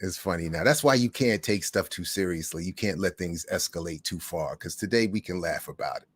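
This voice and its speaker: A middle-aged man hosting a livestream, telling stories in a casual monologue with animated swings between hushed and loud. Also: deep voice, brisk, husky, dry recording. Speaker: livestream host.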